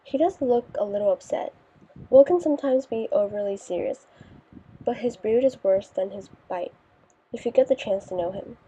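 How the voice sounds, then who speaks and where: A woman voicing a kind, shy teenage girl in an audiobook, gentle in manner. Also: medium pitch, moderate pace, breathy edge. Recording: dull lo-fi recording.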